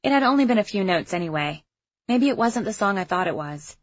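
A woman reading a first-person novel aloud with an expressive, introspective delivery. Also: medium pitch, a little fast, no echo, lo-fi sound. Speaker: audiobook narrator. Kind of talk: first-person audiobook narration.

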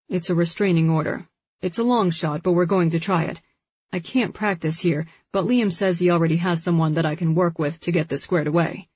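A woman narrating a first-person romance audiobook in a measured, emotional reading. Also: lowish voice, steady tone, warm tone, slightly rough, no echo. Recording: dull lo-fi recording.

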